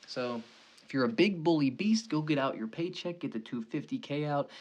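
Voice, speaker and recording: Young dude talking betting picks, swears a lot, rambly and jokey, keeps saying okay. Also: male voice, a little high, animated, normal speed, darkish tone. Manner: rambling, profane, joking, repeats "okay" and "you know". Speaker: sports betting host. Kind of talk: casual profane betting picks chat.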